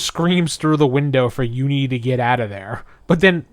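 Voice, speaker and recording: A man's voice: medium pitch, normal speed, no echo, studio quality. A man co-hosting a podcast, recapping a cartoon episode in a casual chat and briefly mimicking characters' lines. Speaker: podcast co-host.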